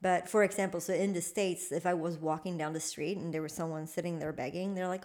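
A woman's voice: fairly low pitch, steady tone, fairly quick, darkish tone. A woman co-hosting a podcast in casual chat, talking reflectively and often murmuring agreement. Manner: thoughtful, reflective, frequent affirming murmurs. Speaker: podcast co-host and trainer.

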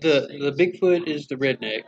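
A man's voice: a little high, moderate pace, gravelly. A man co-hosting a podcast in casual chat, tossing in questions and offhand remarks. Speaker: podcast co-host. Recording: dull lo-fi sound.

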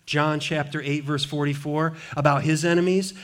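A man preaching a sermon as pastor in a church, lively and conversational, dropping playful quoted asides. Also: on the high side, moderate pace. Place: church sanctuary.

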